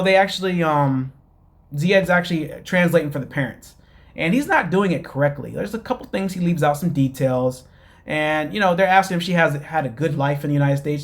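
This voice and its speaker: A man hosting his own show, casually recapping a reality TV episode and rambling with many fillers while calling his listeners "guys.". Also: fairly high pitch. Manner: chatty, addresses listeners as "guys". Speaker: show host.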